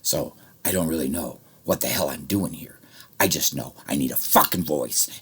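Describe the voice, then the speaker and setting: A man talking straight to his viewers in a rambling, profane monologue that swings from low muttering to shouting. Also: moderate pace, breathy edge. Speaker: vlogger.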